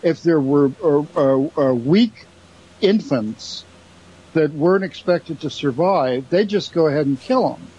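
A man chats casually, reminiscing and adding wry jokes. His voice is husky and sits a little high, and the recording sounds dull and lo-fi. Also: animated, a little slow, dark tone. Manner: wry, joking interjections. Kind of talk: casual chat.

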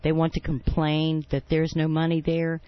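Man, talk radio co-host, hoarse, insistent, dry dull sound. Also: on the high side, completely flat delivery, normal speed, no echo. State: losing his voice.

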